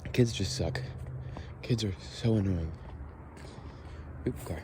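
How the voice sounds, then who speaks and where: A man's voice: on the low side, slow, background noise. A young man hosting a casual walk-and-talk podcast, rambling bluntly with swearing and frequent restarts, recorded outdoors at dusk. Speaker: podcast host.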